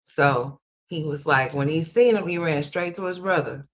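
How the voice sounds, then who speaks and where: Rambling mom chatting on a livestream. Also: female voice, low voice, moderate pace, a bit bright. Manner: rambling, repetitive storytelling with restarts; addresses viewers as y'all and honey. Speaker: livestream host and mother. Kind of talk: casual livestream chat.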